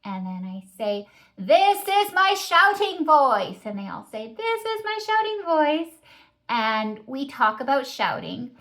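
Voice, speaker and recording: A woman who teaches early childhood music, explaining singing techniques in a patient, practical way. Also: a little high. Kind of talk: instructional talk.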